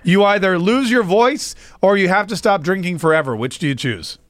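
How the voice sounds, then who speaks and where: A man hosts a morning radio show with a high, bouncy voice that swings widely in pitch. He jokes around in casual banter and keeps repeating the call-in number. The studio sound is dry and close. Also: lively intonation, moderate pace, no echo. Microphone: studio microphone.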